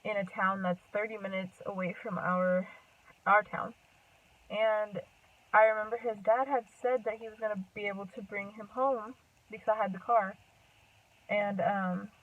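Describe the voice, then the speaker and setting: Speaking at a moderate pace with a steady, mid-range voice, a young woman vlogs about something that happened to her, laughing a lot and scattering "like" and "um" throughout as she rambles. She seems slightly breathless, and the audio is far-off and tinny like a phone.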